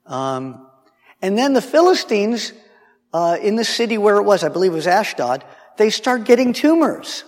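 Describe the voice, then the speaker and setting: A man with a fairly high voice tells a Bible story like a lively sermon. He talks in an animated, conversational way, full of asides and quick restarts. His voice rings out with a long hall reverb. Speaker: Bible teacher.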